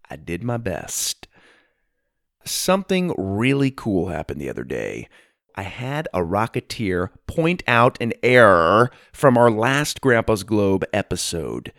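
Man, kids' podcast host, storybook narration, upbeat, animated, dry close sound. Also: medium pitch, no echo. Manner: upbeat and friendly, shouting out listeners.

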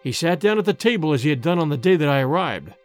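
A man narrating a classic story in an expressive, theatrical reading. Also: fairly high pitch, fast, faint music behind. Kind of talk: audiobook storytelling.

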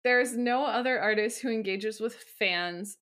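A woman's voice: a little high, moderate pace, fairly bright tone. A young woman co-hosting a podcast, chatting casually and gushing with frequent laughter as she reads listener answers. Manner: giggly, gushing, laughs often. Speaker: podcast co-host.

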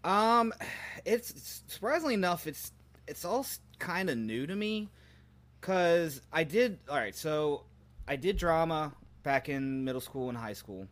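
A man's voice: fairly high pitch, animated, unhurried, a bit bright. A man who is new to voice acting, chatting on a podcast in an easygoing, self-deprecating way. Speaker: podcast guest, new voice actor. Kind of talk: casual chat.

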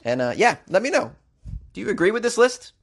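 Boston guy hosting a goofy news show, kinda high voice, cracking jokes between stories. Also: big pitch swings, a little fast, creaky. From Boston area. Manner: wry, joking asides. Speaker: comedian and news show host. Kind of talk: comic news commentary.

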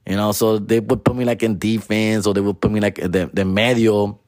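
A man's voice: lowish voice, little pitch movement, normal speed, darkish tone, no echo, studio quality. Profane man telling stories. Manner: profane, mixes Spanish and English slang. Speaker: comedian telling a story. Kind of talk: casual storytelling monologue.

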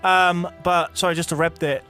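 Male co-host, casual chat, quick to laugh, faint music underneath. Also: sits high, steady tone, bright, forceful tone. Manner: chatty, laughs often, many fillers. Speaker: podcast co-host.

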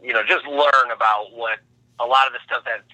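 A man's voice: mid-range voice, fairly even intonation, fairly quick, bright, forceful tone, no room sound, poor audio. A man guest on a podcast, talking earnestly and reflectively in casual chat.

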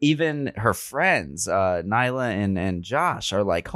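A young man with a low voice recaps a film in a campy, slangy style full of swearing. His talk is loose and chatty. The sound is dry and close to the mic. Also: expressive, slow, few pauses, fairly bright tone, no room sound. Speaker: podcast host. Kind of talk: casual movie recap.

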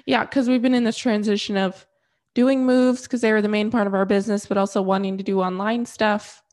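A woman's voice: mid-range voice, level tone, a little fast, a little mellow. Stuffy-nosed young woman chatting. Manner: chatty, laughs easily. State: stuffy nose from a cold. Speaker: podcast co-host. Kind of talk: casual chat.

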